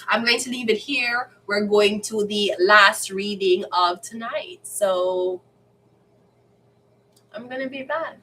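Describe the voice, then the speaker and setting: A woman's voice: mid-range voice, slow pace, pushed and bright. A woman with a Jamaican accent, a tarot card reader, ranting bluntly and with lots of swearing in a casual monologue. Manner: blunt, profane, heated. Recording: distant mic, faint background noise.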